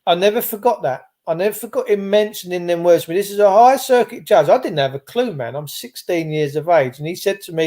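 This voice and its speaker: A man's voice: high-pitched, expressive, fairly quick, hardly any pauses, dark tone. A man, hosting a casual chat and telling rambling stories. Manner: rambling storyteller, swears casually. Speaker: host.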